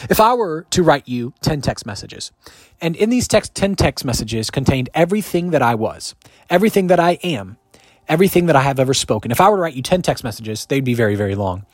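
A man preaching a sermon, emphatic and repeating his key lines, with sudden swings in loudness. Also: medium pitch, big pitch swings, a little fast, no echo, studio quality.

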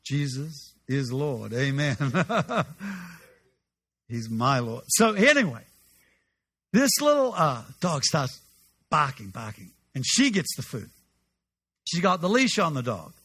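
Animated, bright-voiced male preacher. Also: a little high, slightly rough. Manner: animated and humorous, with halting restarts. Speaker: pastor. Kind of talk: sermon storytelling.

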